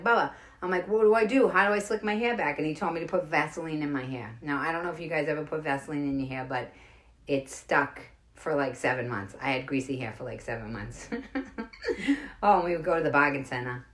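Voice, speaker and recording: A woman's voice: deep voice, fairly bright tone. Chatty Boston woman telling stories. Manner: chatty, rambling, greets viewers by name mid-story. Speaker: comedian hosting a livestream. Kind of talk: casual stand-up storytelling to live viewers. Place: home during lockdown.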